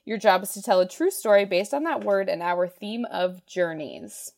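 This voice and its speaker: A woman's voice: medium pitch, lively intonation, moderate pace, vocal fry, darkish tone. A woman hosting a podcast, explaining the game and chatting with easy laughs. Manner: laughs easily, matter-of-fact answers. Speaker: podcast host. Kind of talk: casual podcast chat.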